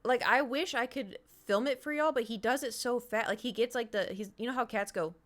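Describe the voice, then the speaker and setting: Talking casually to her live stream audience, a woman with a fairly high voice speaks briskly. Her stories are full of sound effects and whispered asides, and her voice sounds a little strained.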